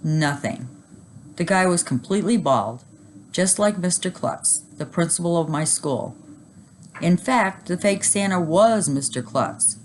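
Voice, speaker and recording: A woman teacher reading a children's chapter book aloud, animated and expressive. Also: fairly low pitch, unhurried, slight background noise.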